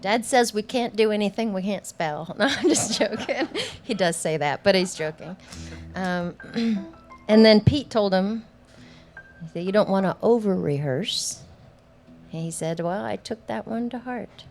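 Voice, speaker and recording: A woman singer-songwriter with a mid-range, slightly mellow voice chats at a measured pace between songs at a small club show. She rambles, jokes at her own expense, and laughs a lot, with live club sound and guitar beneath her speech.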